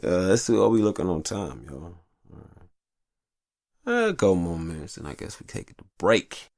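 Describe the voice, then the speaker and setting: Low gravelly black dude podcasting alone, cussing, rambly, bouncy up and down delivery. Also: male voice, sing-song, moderate pace, darkish tone, no echo, clean studio sound. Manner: profane, rambling and confessional. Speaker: podcast host. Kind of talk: casual monologue. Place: hot upstairs room.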